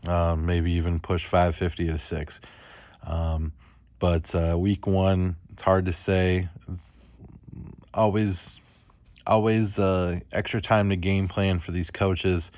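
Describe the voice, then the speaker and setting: A man hosting a fantasy football show alone, talking in a monotone and rambling with many fillers. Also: low-pitched, takes it slowly, no room sound. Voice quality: monotone, self-described. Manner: rambling, lots of ums and uhs. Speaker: fantasy football league host. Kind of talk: solo casual podcast commentary.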